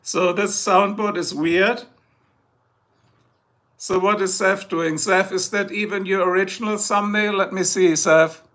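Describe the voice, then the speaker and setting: A man's voice: high voice, steady tone, a little slow, a bit bright. A middle-aged man with a German accent, a native German speaker, rambling and joking with his chat viewers during a casual livestream.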